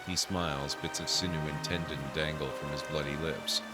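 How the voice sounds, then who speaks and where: Brief: low-voiced male streamer narrating game text, game music behind. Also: fairly even intonation, normal speed. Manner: reads narration aloud steadily, then reacts with dry asides. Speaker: streamer playing a role-playing game. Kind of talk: reading game text and casual commentary.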